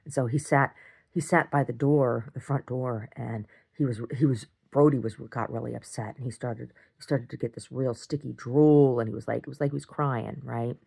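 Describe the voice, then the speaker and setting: A woman recording a casual video diary, rambling through an animated story and acting out what others said. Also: extremely low pitch, moderate pace, gravelly, husky. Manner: rambling, animated retelling with acted-out quotes. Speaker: video diarist.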